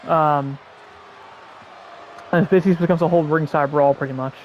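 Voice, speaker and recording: A man's voice: fairly high pitch, fairly even intonation, fairly quick, highs cut off, slight background noise. A man hosting a podcast, rambling through a casual wrestling recap with many restarts and repeated words. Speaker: podcast host.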